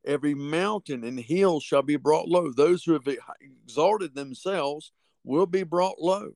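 A man preaching on a podcast, teaching from the Bible with fervent conviction, reading scripture slowly and repeating key phrases. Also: a little high, darkish tone, no echo.

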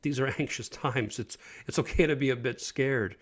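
A man's voice: mid-range voice, moderate pace, husky. A man giving an informal online sermon, speaking earnestly and putting questions to his listeners. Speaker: preacher.

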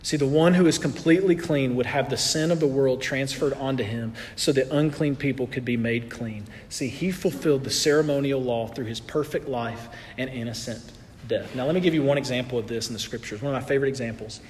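A man preaching a sermon in an earnest way, building in intensity and then dropping soft. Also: medium pitch, brisk, big-room sound, a little hiss or hum.

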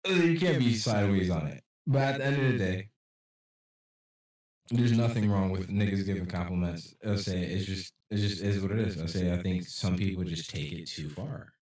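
Animated man talking from off the mic. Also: deep voice, normal speed, recorded from a distance. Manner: animated storytelling, acts out what people say. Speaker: podcast co-host. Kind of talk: casual chat. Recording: echoey room, off the mic.

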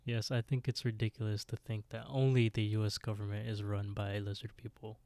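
A podcast co-host recaps an episode in casual chat, laughing often and quoting characters in high, mocking voices. His delivery is flat, brisk and a little mellow, in a dry recording.

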